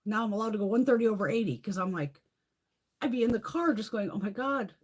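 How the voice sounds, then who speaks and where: A middle-aged woman hosting a live chat, ranting in a heated, profane, animated way. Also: mid-range voice, fast talker. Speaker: live stream host. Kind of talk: casual live chat rant.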